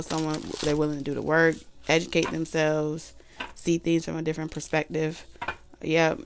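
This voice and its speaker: A woman's voice: low voice, steady tone, moderate pace, a little hiss or hum. A woman doing a casual tarot reading, chatty and full of fillers, who says she is losing her voice. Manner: chatty, loose and repetitive with many fillers. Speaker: tarot reader.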